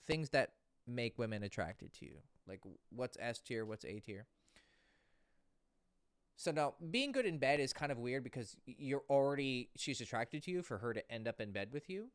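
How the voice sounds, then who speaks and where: A man's voice: medium pitch, smooth, no echo, clean studio sound. Blunt, casual male dating coach. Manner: blunt, casual, swears, reads out viewer questions. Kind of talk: casual livestream talk.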